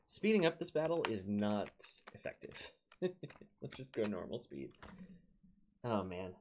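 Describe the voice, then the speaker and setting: Man, Minnesotan accent, low gravelly voice, faint hiss, casual game commentary. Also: sing-song, measured pace. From Minnesota, United States. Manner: chatty, talks to his units, chuckles often. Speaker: let's play host.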